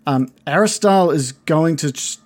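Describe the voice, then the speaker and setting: Guy running a tabletop game, kinda high voice, lots of ums and likes. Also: unhurried. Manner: loose, hesitant narration with many fillers. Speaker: game master.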